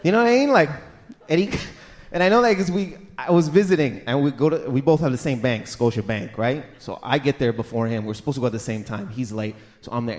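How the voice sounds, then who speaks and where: Exasperated stand-up man, high voice. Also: long reverb tail. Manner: animated, exasperated, jumps into shouted impressions. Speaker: stand-up comedian. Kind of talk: stand-up comedy. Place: comedy club stage.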